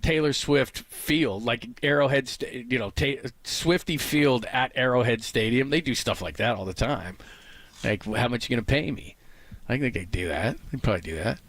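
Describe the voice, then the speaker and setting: A sports radio host from the Bay Area, chatting casually at a studio mic and breaking into laughter as he reads items out. His voice is close and dry, sitting at an ordinary male pitch. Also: normal speed, a bit bright, dry recording. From San Francisco Bay Area. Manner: laughs often, reads lists aloud.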